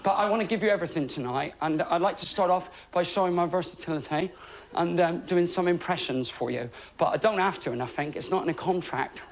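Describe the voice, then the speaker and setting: A middle-aged man from England doing a stand-up comedy routine, chatty and self-mocking, with deadpan asides to the crowd. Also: high-pitched, fairly quick. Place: TV studio before a live audience. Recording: loud studio audience laughter and noise.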